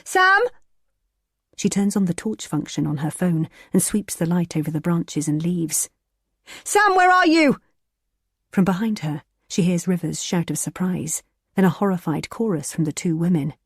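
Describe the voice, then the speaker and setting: A woman reading a thriller audiobook in a tense, measured narrating style. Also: lowish voice, fairly even intonation, dark tone, breathy edge, no echo, studio quality.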